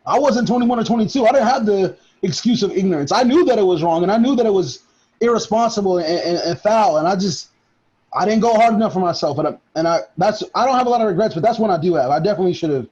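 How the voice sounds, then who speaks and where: Brief: young man, high voice, animated storyteller who swears a lot, dull lo-fi audio. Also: quick pace. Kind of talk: casual chat. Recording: dull lo-fi recording.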